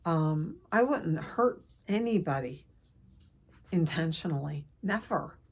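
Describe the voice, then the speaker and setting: An older woman telling a personal family story to camera, earnest and emotional, with pauses and restarts. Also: low voice, lively intonation, husky. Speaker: counselor vlogger.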